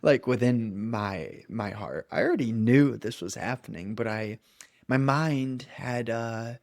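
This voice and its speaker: A man's voice: medium pitch, unhurried, vocal fry. Young adult man, coach, mid-range voice, earnest reflective delivery with frequent check-ins. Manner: earnest, loose, with many "right?" and "okay?" check-ins. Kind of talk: reflective monologue.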